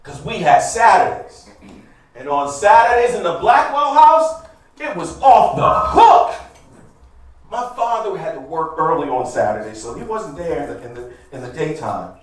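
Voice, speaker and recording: A man's voice: on the high side, expressive, moderate pace. An American man in his fifties telling a personal story on a live stage, speaking conversationally and with emphasis, and addressing the audience directly. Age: 50s. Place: live event venue, large room. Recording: echoey hall, voice heard from a distance.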